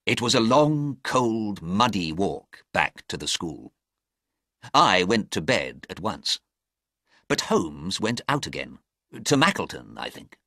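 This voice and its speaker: A man narrating a story slowly and clearly for English learners. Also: low voice, big pitch swings, pushed and bright, dry recording, studio quality.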